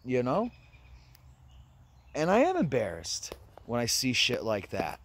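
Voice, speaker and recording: A man's voice: mid-range voice, huge pitch swings, unhurried. American guy vlogging, super casual, swears a lot, says "you know" constantly. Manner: casual, profane, many fillers like "you know". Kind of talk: casual chat.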